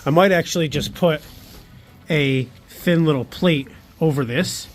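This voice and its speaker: A man's voice: a little high, measured pace. A man narrating a casual workshop vlog, thinking aloud as he works and cheering his own results with casual slang. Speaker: car builder.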